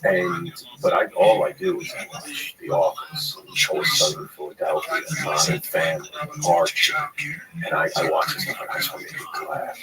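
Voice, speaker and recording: A man's voice: very deep voice, moderate pace, low-quality recording. A man, a TV writer, talking in a casual chat, rambling and swearing freely. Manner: profane, rambling, animated. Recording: loud crowd chatter behind.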